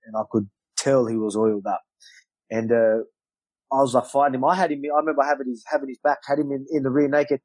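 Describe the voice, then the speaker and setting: Male guest, lively storyteller, swears freely, dry close mic. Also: medium pitch, fast talker, dry recording, low-quality recording. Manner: animated storyteller, loose swearing, acts out quotes. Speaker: guest, professional fighter. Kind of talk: storytelling in casual interview.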